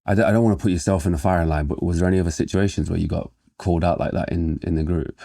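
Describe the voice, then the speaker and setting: A man hosting an interview, asking questions in a halting way with many restarts. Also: low voice, steady tone, gravelly, mellow, dry recording. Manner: halting, restarts often with fillers. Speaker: podcast interview host.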